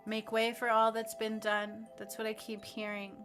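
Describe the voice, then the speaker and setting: A woman guides a spiritual healing session in a bright, clear voice that rides over faint music. She talks slowly and earnestly and voices affirmations aloud as if she feels them herself. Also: on the high side, monotone. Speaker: spiritual healer.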